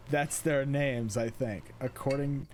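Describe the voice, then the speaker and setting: A man's voice: medium pitch, steady tone, slow, slight background noise. A young man co-hosting a casual podcast, laid-back and casually swearing. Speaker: podcast co-host. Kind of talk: casual anime podcast chat.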